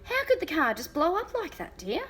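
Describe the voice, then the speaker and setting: A woman reading aloud and voicing a calm, level-headed mother. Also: very high-pitched, moderate pace, slight background noise, voice pushed up, exaggerated voice.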